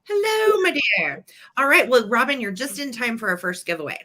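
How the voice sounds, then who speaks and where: Bright-voiced chatty woman selling vintage. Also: a little high, lively intonation, quick pace. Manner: chatty, playful, detailed item descriptions. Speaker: live sale co-host. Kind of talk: live-stream auction chat.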